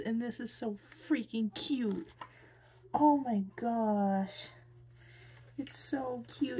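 A tired woman chatting casually while unboxing gifts, gushing with excitable squeals over cute things. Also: fairly high pitch, slight background noise. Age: adult with a son. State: tired, drained. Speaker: vlogger.

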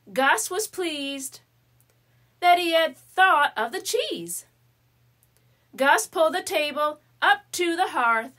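A woman reading a children's picture book aloud at a very unhurried pace. Her voice sits high and sounds bright and clear, and she shapes each line with care. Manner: slow, careful read-aloud delivery. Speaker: storyteller.

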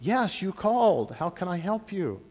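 A man's voice: sits high, sing-song, measured pace, darkish tone, pitched above the performer's own voice, full character voice. A man voicing the boy Samuel, eager and dutiful, in a Bible story told in a church. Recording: long church-hall reverb.

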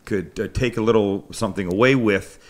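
A man's voice: on the low side, brisk. A man with a Canadian accent hosting a live cooking show, chatting loosely with his crew in a rambling, self-deprecating way. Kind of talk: casual live-stream chat. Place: home kitchen studio with crew.

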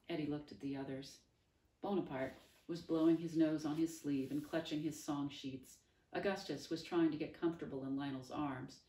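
Low-voiced woman reading a story aloud. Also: steady tone, moderate pace, dark tone. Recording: roomy, distant mic.

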